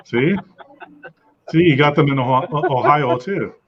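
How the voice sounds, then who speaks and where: A man from Canada hosting a casual live chat, playful and quick to laugh. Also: fairly high pitch. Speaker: host. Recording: dull lo-fi sound.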